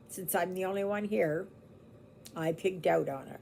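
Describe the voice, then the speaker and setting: A woman's voice: lowish voice, moderate pace, vocal fry, darkish tone, a little hiss or hum. A woman from Canada chatting casually to her viewers at home, rambling and laughing easily. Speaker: cross-stitch vlogger.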